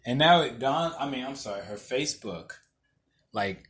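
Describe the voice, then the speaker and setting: A man's voice: mid-range voice, lively intonation, moderate pace, fairly bright tone. A young adult man hosting a podcast, telling blunt, profane stories in a casual monologue and often laughing through them. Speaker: podcast host.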